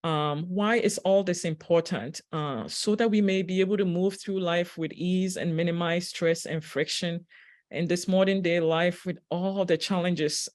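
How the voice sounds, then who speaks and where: A woman giving a reflective spiritual talk, telling a personal story in a gentle, unhurried way with pauses and fillers. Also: fairly low pitch, steady tone. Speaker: spiritual teacher; registered nurse.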